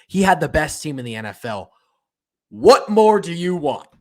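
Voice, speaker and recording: A man's voice: a little high, big pitch swings, normal speed, a little mellow. A young man hosting a solo sports podcast, talking in an emphatic, fired-up way and hammering the same points again and again. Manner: fired-up, emphatic, repeats himself. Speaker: podcast host.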